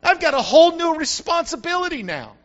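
A man's voice: very high voice, sing-song, fairly quick, fairly bright tone, muffled recording. An older man from the United States, a grandfather and pastor, preaching a sermon with repetition and rising emphasis.

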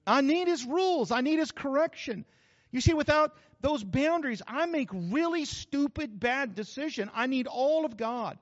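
A man's voice: very high-pitched, expressive, moderate pace, no room sound, dull audio. A man preaching a sermon in a folksy, joking way. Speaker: pastor.

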